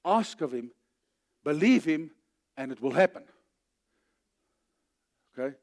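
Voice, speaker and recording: Male pastor, South African accent, middle-aged, emphatic church sermon, slightly high voice. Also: lively intonation, takes it slowly. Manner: emphatic, rising to loud declarations then dropping low.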